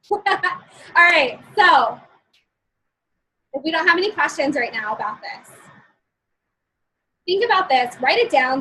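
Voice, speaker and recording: A woman with a very high voice talks through a motivational lesson to a live online audience. She sounds chatty and upbeat, laughs often between points, and keeps checking that her listeners are still with her. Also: a bit bright, low-quality recording. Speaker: motivational speaker. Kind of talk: live-streamed motivational talk.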